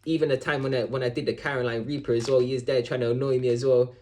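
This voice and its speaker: A man's voice: medium pitch, quick pace. A man, ranting casually about a coworker, swearing often and calling the listener "bro". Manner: swearing, animated, repeats "bro" and "I'm like". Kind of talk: casual storytelling rant.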